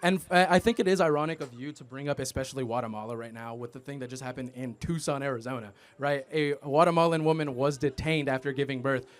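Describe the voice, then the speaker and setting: A man's voice: mid-range voice, quick pace, hardly any pauses. A young man, a college student, arguing in a campus debate, stammering and repeating himself. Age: young adult.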